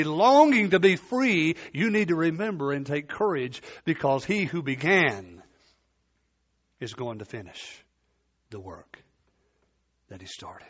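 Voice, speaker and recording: A man preaching a sermon, emphatic and repeating key phrases, his voice sinking low at the ends of points. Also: a bit bright, dull audio.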